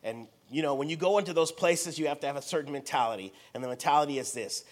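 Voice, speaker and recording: A high-pitched American preacher delivers a sermon as a lively story, acting out every exchange with theatrical energy. He swings between loud bursts and hushed asides, talking at a quick pace with few pauses.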